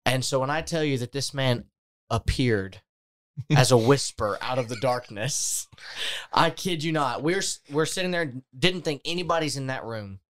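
A man telling a story in casual chat, animated and laughing often. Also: mid-range voice, normal speed.

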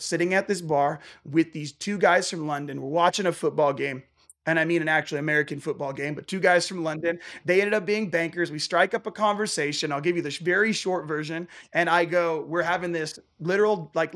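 Fervent high-voiced man telling a testimony. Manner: animated, acts out dialogue in quick bursts. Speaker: guest, traveling worship musician. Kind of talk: passionate faith testimony storytelling.

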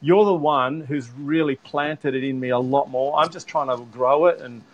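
A man's voice: medium pitch, dull audio. An Australian man, a livestreamer guest, chatting on a panel in an enthusiastic, emphatic way. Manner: enthusiastic, emphatic, quick bursts of laughter. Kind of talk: casual panel chat.

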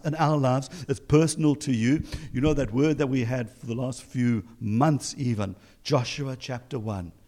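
Man, South African accent, pastor, sermon, emphatic, rhetorical questions, mid pitch. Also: darkish tone.

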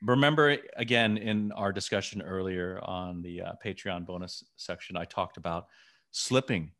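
A middle-aged man co-hosting a podcast, telling animated behind-the-scenes stories in casual chat. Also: low voice, moderate pace. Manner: animated storytelling, acting out scenes. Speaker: podcast co-host.

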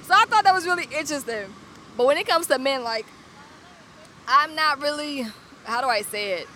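A young Atlanta woman hosts a podcast in a casual monologue, speaking bluntly and full of slang. Her Southern accent rides on a bright, fairly high voice. She tells her stories candidly and with animation. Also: lively intonation, normal speed, pauses often, slight background noise. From Atlanta, USA. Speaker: podcast host.

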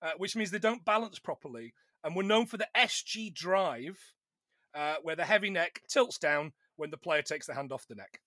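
Animated high-voiced man in his forties. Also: moderate pace, no echo, studio quality. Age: 40s. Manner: animated, swearing, laughs often. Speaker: podcast co-host. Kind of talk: casual film podcast chat.

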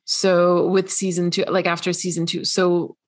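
A woman's voice: lowish voice, level tone, moderate pace. Chatty woman co-hosting a podcast. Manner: chatty, hedging, frequent restarts and laughs. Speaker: podcast co-host. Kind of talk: casual chat.

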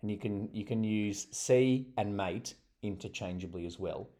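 Low, mellow Australian man chatting. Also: normal speed. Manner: chatty, laughs often. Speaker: podcast co-host. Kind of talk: casual chat.

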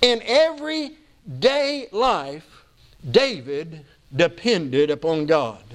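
High-voiced preacher man, earnest. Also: sing-song, fairly bright tone. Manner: earnest preaching with slow emphatic stretches. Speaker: pastor. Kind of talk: sermon.

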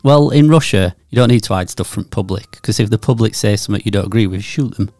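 A man's voice: fairly low pitch, fast talker, a little mellow, no echo. A man co-hosting a podcast, rambling through jokey, mock-serious theories in casual banter. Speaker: podcast co-host.

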